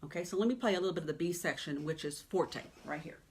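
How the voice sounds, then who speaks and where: A woman's voice: deep voice, fast, husky. A woman piano teacher giving a teaching webinar in a chatty, emphatic way, often checking in with "okay?" and "right?".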